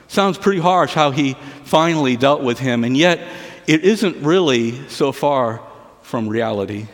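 A male pastor preaches a sermon to his congregation with a fairly high voice. He retells a parable with asides, often sinking into quiet, low remarks. His words ring out in a large hall with a long reverb. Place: church service.

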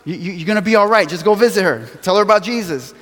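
A man preaching a sermon, telling stories with animated acted-out quotes and chuckles, from a church sanctuary. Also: sits high, fast. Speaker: pastor. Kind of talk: sermon storytelling. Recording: long hall reverb.

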